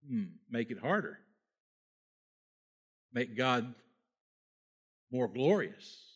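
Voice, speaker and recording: A man's voice: medium pitch, very animated, very slow, long pauses, husky. A man preaching a sermon, reading scripture aloud and breaking in with folksy asides and rhetorical questions. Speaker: pastor.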